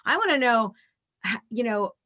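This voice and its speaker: A woman hosting an interview, talking in an eager, emphatic way with quick restarts and sounding tired and yawning. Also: a little high, sing-song, pushed and bright. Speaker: podcast host. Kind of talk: casual interview chat.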